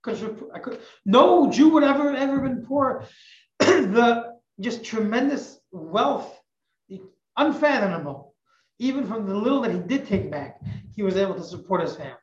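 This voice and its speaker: A woman teacher telling a religious parable in an animated, emphatic way, often repeating phrases. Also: on the high side, moderate pace. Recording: echoey, muffled recording.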